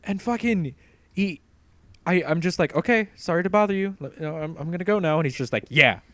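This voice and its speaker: A young man co-hosting a casual podcast, telling stories in an animated way and acting out the voices. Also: a little high, fast, dry recording. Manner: lively, animated storytelling with acted voices. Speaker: podcast co-host.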